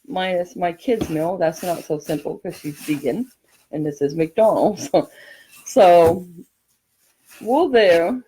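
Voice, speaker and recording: A woman's voice: medium pitch, dark tone, husky, poor audio. A middle-aged woman from California, chatting and rambling through a craft tutorial, laughing often as she tells stories.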